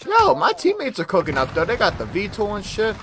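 A man's voice: sits high, wildly swooping pitch, a little fast, vocal fry, noisy background. A man giving casual gameplay commentary, trash-talking with lots of slang. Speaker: gaming YouTuber. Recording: game gunfire loud in background.

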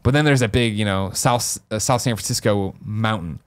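A man's voice: lowish voice, moderate pace. A man from the American Midwest hosting a casual chat, telling a long story with swearing and acted-out voices. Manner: animated, swearing, acts out quotes in funny voices. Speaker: podcast host.

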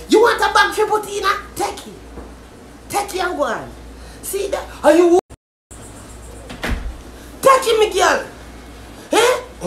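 A woman with a Jamaican Patois accent in a loud, cursing, taunting social media rant. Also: sits high. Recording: echoey room with faint noise.

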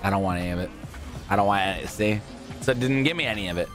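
A young man in casual gaming commentary, rambling excitedly and sometimes breaking into shouts. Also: fairly low pitch, rapid-fire, music in the background. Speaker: gaming YouTuber. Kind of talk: casual crate-opening commentary.

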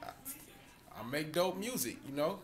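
A man being interviewed as a music producer, speaking in a laid-back, hesitant way with many pauses. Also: a little high, animated. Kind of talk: casual interview.

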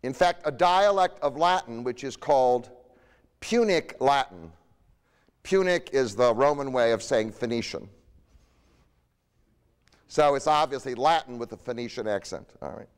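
A man's voice: mid-range voice, lively intonation, unhurried, long pauses, clean tone, in a large hall. A man giving a history lecture in a conversational way, often tossing rhetorical questions to his audience.

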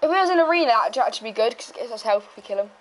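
A woman's voice: on the high side, expressive, racing. A woman hosting a casual gaming video, joking and laughing through banter with a friend. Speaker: channel host, gamer.

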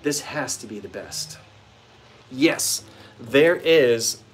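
A chatty, playful man runs a casual live sale, joking with the people watching as he goes. His voice sits at an everyday middle pitch. Faint music plays softly behind him. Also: animated, drawn-out words, long pauses. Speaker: vintage shop owner hosting a live sale stream. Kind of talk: casual live-stream chat. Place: front porch of an old bungalow at sunset.

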